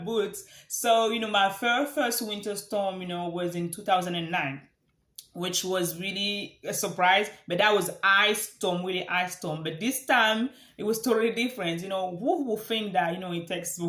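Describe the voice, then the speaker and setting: A woman's voice: fairly low pitch, fairly bright tone. A woman from Africa, giving an earnest motivational talk as a life coach and repeating phrases for emphasis. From Central Africa. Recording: echoey room.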